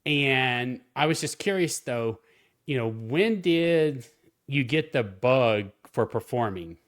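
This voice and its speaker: A man hosting an interview over a video call, eager and friendly, often halting and restarting his sentences. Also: medium pitch, animated. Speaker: podcast host. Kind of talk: casual interview chat.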